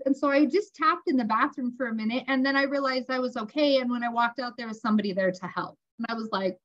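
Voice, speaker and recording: A woman telling family stories in an online interview, animated and acting out the dialogue she quotes. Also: high-pitched, quick pace, muffled recording. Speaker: tapping practitioner guest.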